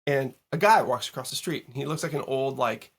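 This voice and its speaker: A man as a podcast guest, a music producer telling a story in casual interview chat, animated and full of fillers and the odd curse. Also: medium pitch, a little fast, breathy edge. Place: home recording studio.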